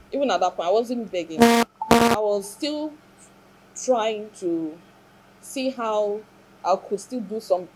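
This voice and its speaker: A woman speaks as an interview guest, earnest and reflective as she tells her story. Her voice is warm and mellow, at a middle pitch for a woman. A faint hiss sits under the recording. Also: rough recording. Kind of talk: emotional personal testimony.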